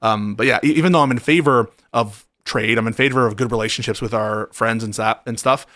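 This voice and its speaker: Male host, mid-pitched, earnest and halting, dry close mic. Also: pushed and bright, no room sound. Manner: earnest, halting, restarts often. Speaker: show host. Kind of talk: casual political chat.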